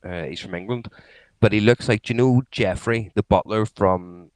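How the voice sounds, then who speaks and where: A man's voice: lowish voice, normal speed, a little mellow, no echo, poor audio. A man co-hosting a casual podcast, telling loose, sweary stories full of restarts. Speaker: podcast co-host. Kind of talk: casual chat.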